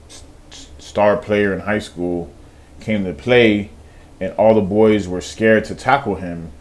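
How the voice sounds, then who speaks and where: Casual, profane man recounting a story. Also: lowish voice. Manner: casual, profane, animated retelling with quoted voices. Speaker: day trader.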